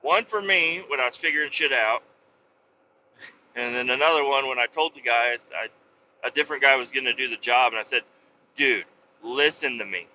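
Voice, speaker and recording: Man, truck driver, very bright sharp voice, swears a lot, lively storytelling, dull lo-fi audio. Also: mid-range voice, a little fast, a little hiss or hum. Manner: profane, animated storyteller. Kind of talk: casual vlog storytelling. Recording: dull lo-fi sound.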